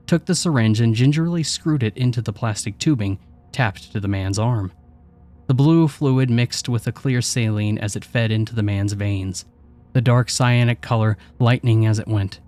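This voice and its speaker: A man narrating a scripted horror story in a steady, measured way. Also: fairly low pitch. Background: faint music.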